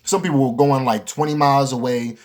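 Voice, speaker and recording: Animated young man telling a story. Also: mid-range voice, fairly quick. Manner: animated, slangy and profane, with frequent asides to the viewer. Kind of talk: casual storytime monologue.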